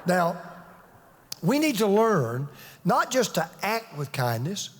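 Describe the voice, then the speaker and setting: A man's voice: high-pitched, very animated, slow pace. A man preaching a sermon as pastor, telling stories earnestly and pressing his points with emphatic repetition. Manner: earnest storytelling, emphatic with restarts. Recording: long reverb of a large hall.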